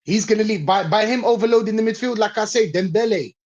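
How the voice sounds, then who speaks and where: A man's voice: sits high, quick pace, darkish tone, muffled recording. A man in a casual football chat, insistent and repeating his points emphatically. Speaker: guest pundit.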